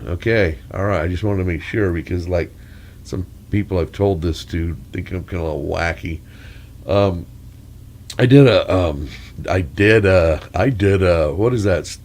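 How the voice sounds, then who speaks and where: Deep-voiced guy with a crackly stuffed-up cold, rambling and corny. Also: a little mellow. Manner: corny, joking, wandering asides. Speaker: storyteller. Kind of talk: rambling solo mic-check monologue.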